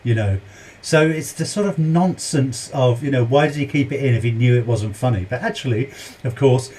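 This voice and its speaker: A British man talks casually to camera as a reaction host. He speaks at a middle pitch, hesitant and full of ums. He restarts his sentences as he goes and keeps gushing with admiration. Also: moderate pace, darkish tone, a little hiss or hum. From Britain.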